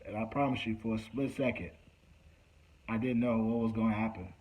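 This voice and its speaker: A man telling a personal story in an animated way, acting out the people he quotes. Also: lowish voice, brisk, lo-fi sound. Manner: acts out quotes, shouting and whispering.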